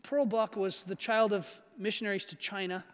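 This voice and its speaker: A man's voice: high voice, steady tone, moderate pace, in a large hall. A man preaching a sermon to his congregation in a conversational way, often checking in with "right?". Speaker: pastor.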